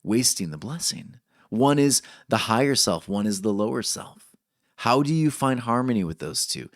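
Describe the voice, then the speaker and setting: A man's voice: medium pitch, expressive, moderate pace, dry recording, clean studio sound. A man preaching a sermon, reading scripture aloud expressively and stopping to comment on it. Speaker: pastor.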